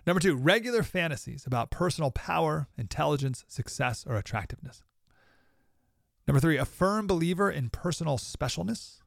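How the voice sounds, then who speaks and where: A man's voice: fairly high pitch, lively intonation, brisk, vocal fry, no room sound, clean studio sound. A man hosting a podcast, giving an emphatic, sarcastic commentary monologue and mocking his opponents in put-on quotes. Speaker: podcast host.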